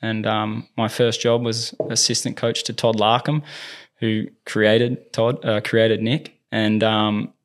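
An Australian man, a tennis movement coach, telling lively anecdotes in a casual interview. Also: lowish voice, slow. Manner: lively anecdotes, acts out quoted dialogue.

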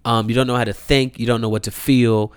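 Rambling, animated young man telling a story. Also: fairly quick, clear, resonant tone, dry recording. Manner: rambling and animated, heavy on fillers and swearing; jumps high in pitch when voicing disbelief. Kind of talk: casual personal storytelling.

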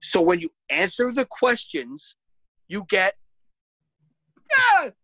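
A woman's voice: mid-range voice, measured pace, fairly bright tone, no echo, poor audio. A woman co-hosting a casual chat, ranting in exasperation with lots of swearing and bursts of laughter. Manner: rises to shrieking when worked up.

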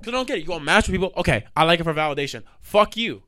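A young man holds forth alone on his podcast, ranting with exasperated energy and frequent swearing. His voice sits a bit higher than most men's, and the recording is close and dry with no room sound. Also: rapid-fire, dry recording. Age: young adult. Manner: animated, profane, exasperated ranting. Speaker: podcast host. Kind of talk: solo podcast rant.

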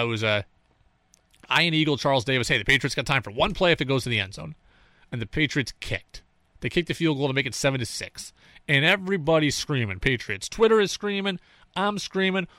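A man's voice: fairly high pitch, brisk, no echo, studio quality. A man hosting a sports talk show, recapping plays and ranting like a fan. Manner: animated, fan-style ranting with play-by-play recaps. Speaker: sports radio host.

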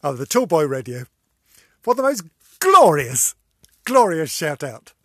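A man chatting alone on his podcast, his somewhat high voice husky and breathy. He swoops up and down in pitch, wandering off on tangents and giggling between thoughts. The sound is close and dry. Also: fairly bright tone, dry recording. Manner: rambling, easily distracted, giggly; theatrical, exclamatory delivery. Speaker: podcast host. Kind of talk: casual solo podcast chat.

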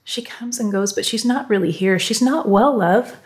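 Woman doing soft breathless caring lady, worried a lot. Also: medium pitch, normal speed, pitched above the performer's own voice, lightly acted. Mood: anxious. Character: caring, spirited woman, adult.

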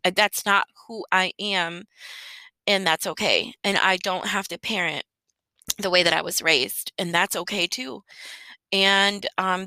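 A woman in her thirties, a mother telling a personal story in an emotional, heartfelt monologue with soft laughs. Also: medium pitch, no room sound, low-quality recording.

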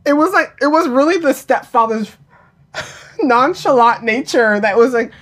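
A woman in casual conversation about a TV drama, animated and laughing often, acting out quotes. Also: sits high, measured pace.

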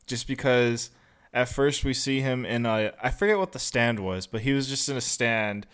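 A man's voice: mid-range voice, expressive, normal speed, a bit bright, smooth. A young man co-hosting a casual movie review chat, rambling a little and acting out quotes in funny voices. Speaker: podcast co-host.

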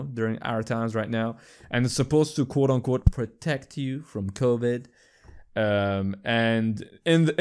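A young man hosting a podcast, chatting casually in a rambling, profane way and jumping into high squeaky voices for quips. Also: darkish tone. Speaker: podcast host. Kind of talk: casual chat.

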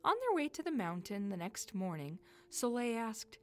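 Expressive woman reading a children's story. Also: a little high. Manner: expressive, dramatic pauses.

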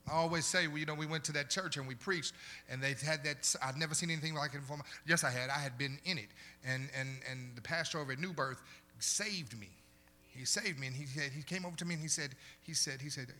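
Pastor guy preaching in church, bright lively voice going loud then quiet, repeats stuff, faint noise behind. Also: fairly high pitch, brisk. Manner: swings between loud preaching and soft conversational storytelling; repeats phrases for emphasis. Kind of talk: sermon with storytelling.

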